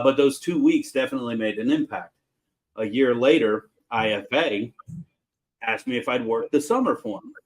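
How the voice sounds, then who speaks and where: A man's voice: mid-range voice, rough recording. A middle-aged man, a chef hosting his show, telling a casual, folksy story about his early restaurant jobs. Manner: folksy, animated storyteller with fillers.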